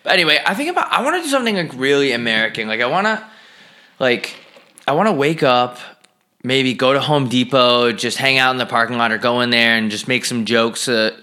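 A young man co-hosting a podcast, trading crude deadpan jokes in casual comedic chat. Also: a little fast. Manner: deadpan, crude joking with lively swings in pitch. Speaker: podcast co-host.

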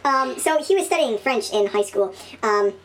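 A woman's voice: fairly high pitch, expressive, moderate pace, poor audio. A woman hosting a casual chat in her home studio, rambling with lots of ums and laughing often. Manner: giggly, rambling with frequent ums. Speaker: podcast host. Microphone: studio microphone.

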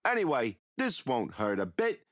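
An actor playing a rambling, mocking killer who taunts a captive priest in an audio drama. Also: male voice, medium pitch, huge pitch swings, moderate pace, no room sound, clean studio sound. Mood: taunting.

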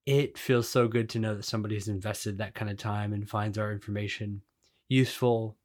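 A man's voice: fairly low pitch, fairly even intonation, a little fast. A man co-hosting a podcast, chatting casually and joking with his wife. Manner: joking, conversational. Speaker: podcast co-host. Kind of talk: casual chat.

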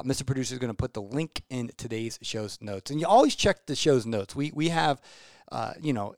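A man's voice: mid-range voice, smooth, dry recording. A man hosting a podcast in a studio, talking casually and enthusiastically, rambling off on tangents between reading listener reviews and sponsor spots. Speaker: podcast host. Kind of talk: casual podcast talk with ad reads.

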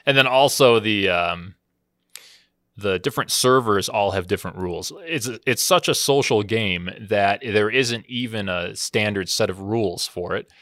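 Lively low-voiced man telling game stories. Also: normal speed, no room sound, clean studio sound. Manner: animated storyteller, acts out quoted lines. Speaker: podcast co-host. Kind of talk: casual gaming chat.

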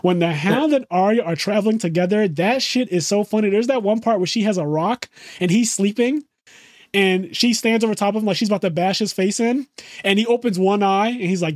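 A young adult man chatting casually as podcast co-host, animated and profane. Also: high-pitched, a little fast, no echo, clean studio sound. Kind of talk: casual chat.

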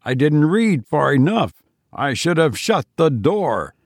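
A man's voice: medium pitch, expressive, measured pace, creaky, darkish tone, dry recording, studio quality. A man voicing an obsessed, half-mad male explorer who talks harshly and broods over a cursed jewel. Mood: raving.

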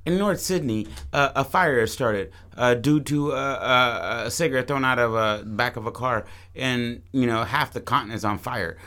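A man's voice: medium pitch, normal speed, few pauses, pushed and bright, lightly acted. A man doing a robot koala reading news. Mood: announcing.

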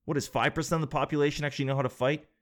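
A man's voice: fairly high pitch, steady tone, rapid-fire, a bit bright. A man hosting a casual comedic monologue, rambling and sarcastic, swearing freely.

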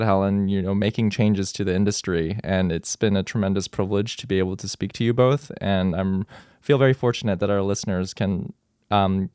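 Earnest man podcast co-host, low smooth voice. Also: darkish tone, dry recording, studio quality. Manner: earnest, grateful. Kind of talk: casual chat.

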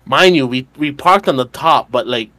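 On a dry recording, a man in his twenties speaks at normal speed with a medium-pitched voice that sounds pushed and bright. Co-hosting a podcast, he rambles through a bar story in casual chat, profane, filler-heavy and laughing.

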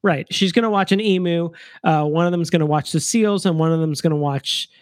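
A wry podcast co-host recaps a book casually, trailing off with fillers and dropping deadpan jokes along the way. The voice is mid-pitched and recorded close and dry, with no room sound. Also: a little fast, no room sound. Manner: wry, joking, hesitant with fillers.

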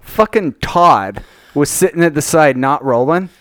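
Man, podcast co-host, profane storyteller, fairly high voice, dry close sound. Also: expressive, unhurried, fairly bright tone, no room sound. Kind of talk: casual podcast banter.

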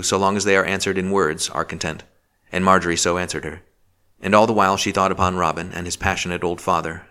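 A man reading a novel aloud as an audiobook narrator, measured and steady. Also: low-pitched. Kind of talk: scripted narration.

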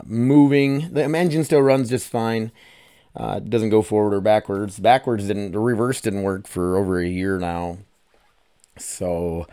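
A low, darkish, smooth male voice belongs to an American podcast host giving a casual solo monologue. Rambling and swearing, he calls his listeners "you guys" and sounds emotional and choked up. The studio-quality recording has no room sound.

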